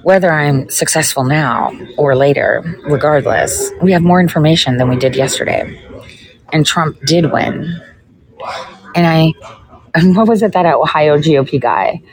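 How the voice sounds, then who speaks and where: A woman's voice: low-pitched, moderate pace, darkish tone, rough recording. A woman, a political podcaster, in a casual ranting monologue full of sarcasm, profanity and mocking asides.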